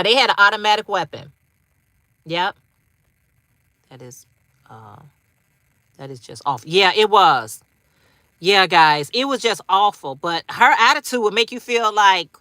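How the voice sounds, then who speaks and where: A woman's voice: medium pitch, bright, forceful tone, no echo, clean studio sound. A woman hosting a casual livestream, talking straight to viewers, repeating phrases for emphasis with slangy asides. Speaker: livestream host.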